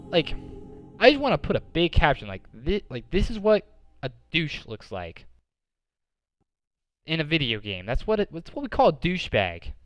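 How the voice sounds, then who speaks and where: A man talks over his own gameplay in a loose, excitable way, quick to burst out in exasperation. His voice swings widely up and down while the pitch sits in a middle range. Game music plays clearly underneath. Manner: excitable, prone to exasperated outbursts. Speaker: gaming commentator. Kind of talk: casual gameplay commentary. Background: game music and sounds.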